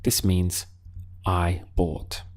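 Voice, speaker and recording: A man teaching a Spanish lesson, giving patient prompts and leaving pauses for the learner to answer. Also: low voice, level tone, a little mellow. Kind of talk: language lesson.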